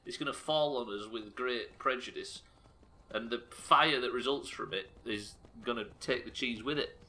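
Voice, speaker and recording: Bright-voiced streamer, chatty and sweary. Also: male voice, medium pitch, normal speed. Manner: chatty, sweary, joking with chat. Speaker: live game streamer. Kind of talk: casual commentary while playing.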